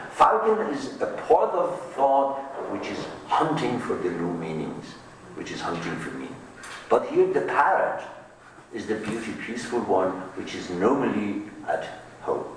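Slow, lively-voiced man lecturing in an echoey room. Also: fairly low pitch, distant mic, a little hiss or hum. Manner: slow, thoughtful, with many pauses and questions to the class. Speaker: teacher of Rumi's poetry. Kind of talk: lecture to a class.

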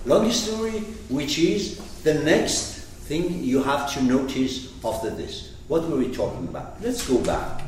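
Animated man lecturing in an echoey room. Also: medium pitch, slight background noise. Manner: animated, swings from loud to hushed, acts out quotes. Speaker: teacher. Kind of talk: expressive lecture on a poem. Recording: echoey room, far from the mic.

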